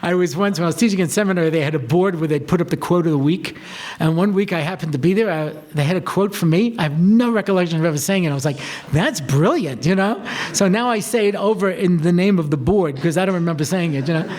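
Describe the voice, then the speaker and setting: A man with a rather high voice gives a talk as a rabbi. He tells stories in a lively, conversational way and acts out the lines of the people in them. His talk is loose and peppered with "you know". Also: fast talker. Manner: chatty, animated, acts out dialogue, frequent "you know". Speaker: rabbi and lecturer. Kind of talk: storytelling talk to students.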